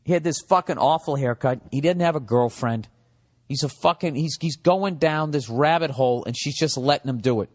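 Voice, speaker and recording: A man's voice: fairly high pitch, fairly quick, a little mellow. 40s american guy ranting on his podcast, swears a lot, riffs all over, kinda echoey. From United States. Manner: profane, rambling and riffing. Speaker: podcast host. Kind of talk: comedic podcast monologue.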